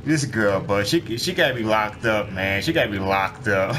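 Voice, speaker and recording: A man casually commenting on his gameplay as a streamer, slangy and quick to react out loud. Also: lowish voice. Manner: slangy, reacts loudly to the game. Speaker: gaming streamer. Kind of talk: casual let's-play commentary. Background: game music.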